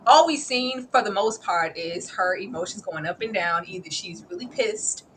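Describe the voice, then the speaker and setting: A woman hosting a casual chat show, talking in an animated, emphatic way full of slang. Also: medium pitch, normal speed, a little hiss or hum. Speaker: host.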